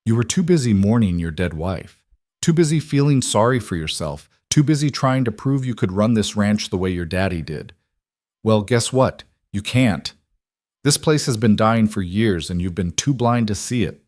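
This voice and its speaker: A man voicing a cold, treacherous male ranch hand with a gun, speaking calmly and bitterly. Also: lowish voice, normal speed, dry recording, studio quality, lightly acted.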